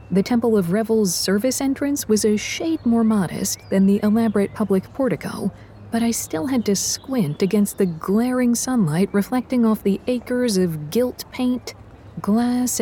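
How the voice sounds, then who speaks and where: A woman narrates an audiobook in the first person with a soft, mellow voice. Her delivery is wry and dry, with a quiet hiss of noise underneath. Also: fairly high pitch.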